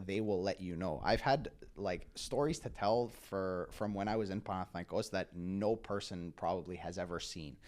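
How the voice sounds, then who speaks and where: Young canadian guy chatting as a podcast guest, slightly low voice, lots of "like"s, gets animated. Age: young adult. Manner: animated storytelling with many "like" fillers. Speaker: guest, pro soccer player. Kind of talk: casual interview chat.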